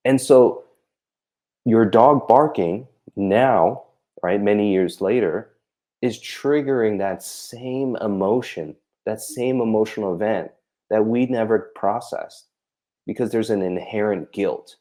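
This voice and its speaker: A man with a deep, mellow voice explains his practice to a colleague in a relaxed conversation. He keeps acting out back-and-forth exchanges between himself and a patient and fills his talk with "you know" and "right?". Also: measured pace. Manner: acts out patient and practitioner dialogue, many fillers. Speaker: holistic practitioner.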